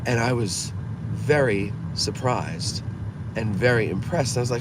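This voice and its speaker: A man's voice: mid-range voice, a little slow. A man hosting a casual live stream from his car, reading viewer comments aloud and chatting back. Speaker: host reading live chat. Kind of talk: casual live-stream chat while driving. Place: inside a car in town. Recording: clear traffic noise from a moving car. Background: car and street noise.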